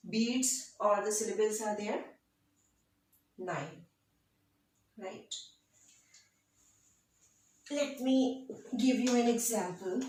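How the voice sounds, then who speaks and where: A woman teaching literature, explaining sonnets in a slow, deliberate classroom lecture and checking in with her listeners as she goes. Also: mid-range voice, darkish tone, slight background noise. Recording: very echoey room.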